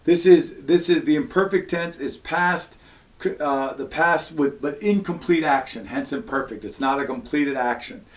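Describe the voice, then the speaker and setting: A man's voice: on the high side, moderate pace. A man teaching a Latin grammar lesson, explaining step by step in a patient way, with frequent fillers between points. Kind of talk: recorded classroom lesson.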